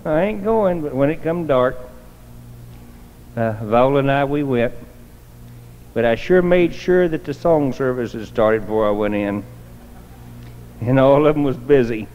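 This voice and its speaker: A man's voice: mid-range voice, darkish tone. A man preaching, telling a homespun testimony in a colloquial, storytelling way. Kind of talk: folksy sermon testimony. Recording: dull lo-fi recording in a reverberant church hall.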